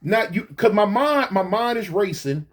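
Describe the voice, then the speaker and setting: A man casually recounting a past event, animated, stumbling over restarts and mouthing gunshot sounds. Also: sits high, normal speed. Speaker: guest recounting a shooting. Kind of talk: casual storytelling.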